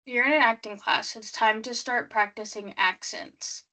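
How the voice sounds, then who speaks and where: Woman, podcast host, bright voice, slightly high pitch, casual true-crime chat, leads the conversation. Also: fairly even intonation, moderate pace. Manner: leads the story, quizzing her co-host.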